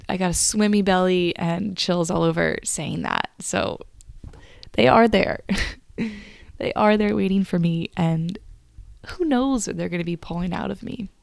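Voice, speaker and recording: A woman hosting a solo podcast, telling a personal story in a confiding, emotional way, often halting and restarting. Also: on the low side, gravelly, a little mellow, dry recording, clean studio sound. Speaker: podcast host.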